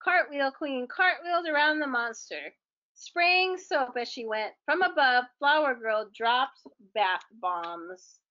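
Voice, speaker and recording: Slow, high-voiced woman reading a storybook. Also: highs cut off. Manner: gentle, expressive storytelling. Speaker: children's story reader. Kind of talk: reading a children's book aloud.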